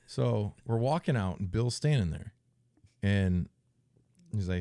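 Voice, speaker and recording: A middle-aged man co-hosting a casual podcast chat, telling animated stories and mimicking people. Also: slow, pauses often, no echo. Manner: animated storyteller, mimics people with big pitch jumps. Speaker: co-host, former football player.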